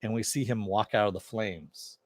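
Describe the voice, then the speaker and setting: A man's voice: on the low side, moderate pace, no room sound, clean studio sound. A man casually recapping a TV episode, rambling with lots of fillers and "he goes". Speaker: TV episode reviewer.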